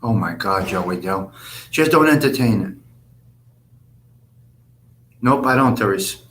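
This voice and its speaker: A man's voice: fairly low pitch, animated, slow, fairly bright tone, a little hiss or hum. A man hosting a casual live stream, answering viewers' comments by name in a blunt, profane, rambling way.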